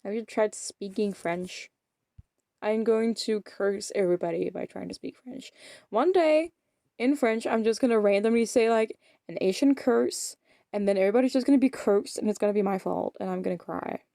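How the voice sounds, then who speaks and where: Girl rambling on her vlog, gravelly, kinda dark mellow voice, dry sound. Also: medium pitch, brisk, dry recording. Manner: rambling, self-deprecating, often trails off into mumbles. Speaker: vlogger. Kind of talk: rambling casual vlog chat while playing a game.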